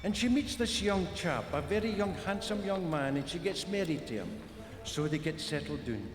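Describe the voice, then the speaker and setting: A man's voice: a little high, expressive, moderate pace. A Scottish man telling a traditional folk tale to a live audience, in a homely, rambling way with asides. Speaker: storyteller. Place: concert hall. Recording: live concert hall, echoey with long reverb.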